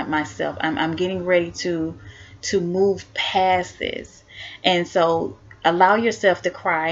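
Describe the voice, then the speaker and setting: A woman vlogger giving heartfelt self-help advice, earnest and encouraging, repeating her key points. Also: on the low side. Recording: dull lo-fi recording.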